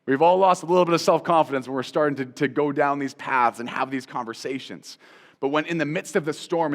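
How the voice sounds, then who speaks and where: A man giving a conversational Bible teaching, with a fairly high voice. He is animated, hammers points home by repeating them, and keeps asking the listener direct questions. His voice rings with a long hall reverb.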